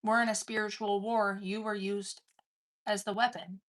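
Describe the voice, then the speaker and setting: A woman's voice: medium pitch, level tone, moderate pace. A woman giving an intense collective tarot reading, swearing casually and calling the listener "dude". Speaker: tarot card reader.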